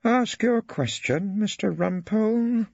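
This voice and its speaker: A man's voice: high-pitched, slow pace, gravelly, darkish tone, no echo, voice pushed up, exaggerated voice. A man playing a pompous irritable judge. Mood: irritated. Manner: weighty, clipped, condescending. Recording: dry, slightly dull studio.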